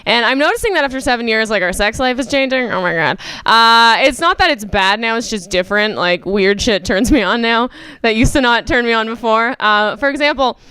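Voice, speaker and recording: A woman from Canada doing a stand-up comedy set, telling a story loudly with quick asides. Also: on the high side, smooth. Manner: animated, loud storytelling with asides.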